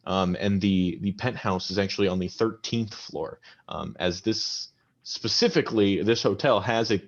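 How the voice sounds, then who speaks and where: Laid-back low-voiced game master. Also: male voice, muffled recording. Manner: casual, halting, many ums and likes. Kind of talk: narrating a tabletop game.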